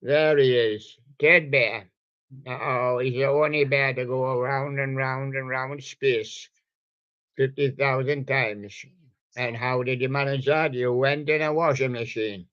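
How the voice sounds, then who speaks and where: A man hosting a home online radio show, chatting casually and showing soft toys in a rambling, jokey way full of puns. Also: medium pitch, fairly even intonation, measured pace, no echo, lo-fi sound.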